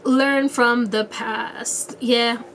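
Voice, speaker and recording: A woman's voice: a little high, drawn-out words, gravelly, a little hiss or hum. A woman giving a casual tarot reading to her viewers, playful and chatty with a lot of slang and frequent laughter. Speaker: tarot reader.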